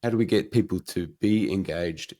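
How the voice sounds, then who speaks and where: A man hosting the interview who asks halting questions, searching for his words. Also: sits low, mellow. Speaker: host.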